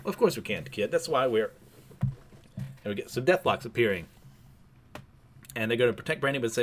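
A man's voice: medium pitch, lively intonation, brisk, long pauses, a bit bright. A man recapping a comic book in a casual, wry, chatty way with asides.

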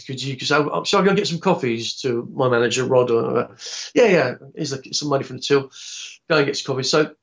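A man, telling a long anecdote in a rambling, halting way with many restarts. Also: mid-range voice, vocal fry, highs cut off. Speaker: interviewee, film actor. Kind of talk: casual anecdotal storytelling.

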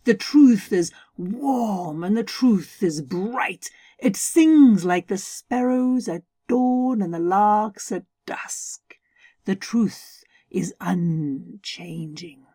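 A woman voicing a wise, mysterious snake in a slow, breathy whisper for a family story podcast. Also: medium pitch, lively intonation, dark tone, no echo, clean studio sound, full character voice. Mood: solemn.

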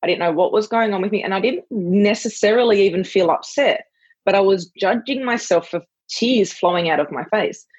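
A woman hosting an interview, effusive and heartfelt, telling personal stories with a husky voice. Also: medium pitch, fairly quick, a little mellow. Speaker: podcast host, mother. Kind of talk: conversational podcast interview. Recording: dull lo-fi, dry.

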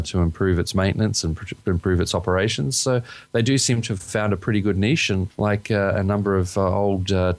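Male co-host, low-pitched, wry and teasing, dry recording. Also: dry recording. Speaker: podcast co-host. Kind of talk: casual chat.

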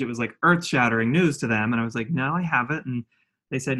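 A man's voice: mid-range voice, quick pace, a bit bright. Regular guy voice, lots of ums, easygoing chat. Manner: hesitant, with many ums. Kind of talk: casual chat.

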